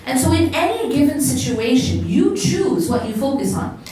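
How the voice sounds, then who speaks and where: A woman's voice: high-pitched, sing-song, normal speed, mellow. A woman giving a religious talk to a live audience as an Islamic lecturer, engaging the crowd with questions. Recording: echoey hall, voice picked up from a distance.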